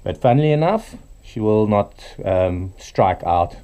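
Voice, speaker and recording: A middle-aged man speaks in a fairly low, mellow voice, relaxed and casual as he explains how he handles a large snake. He sometimes drops to a soft murmur while talking to the animal. The tone stays easygoing and practical, like a keeper showing his work. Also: unhurried. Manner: relaxed, talks softly to the snake. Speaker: reptile keeper. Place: indoors at a snake enclosure.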